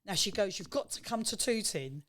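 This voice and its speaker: A woman's voice: mid-range voice, expressive, normal speed, a bit bright. A woman in her sixties, a podcast guest, chatting casually, asking probing questions and telling anecdotes. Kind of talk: casual chat.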